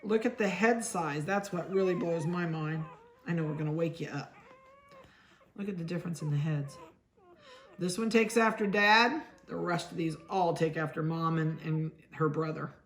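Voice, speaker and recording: A middle-aged woman from Ohio, a dog breeder, chatting casually as she handles puppies and talks softly to them. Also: on the low side, normal speed.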